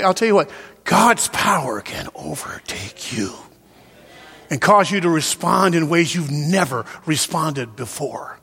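A male pastor preaches in a church with a notably high voice. He swings from loud, shouted emphasis down to soft, hushed lines. The sound carries a long reverb from the sanctuary. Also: animated, normal speed, slightly rough. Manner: preaching with sudden loud peaks and soft drops. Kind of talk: sermon.

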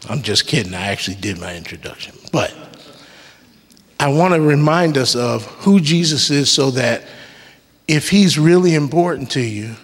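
A worship leader preaches a sermon in a church sanctuary, his mid-range voice animated and fairly bright with a breathy edge. He keeps a measured pace and pauses often, delivering emphatic call-and-response lines mixed with casual joking asides. The hall's long reverb fills the recording.

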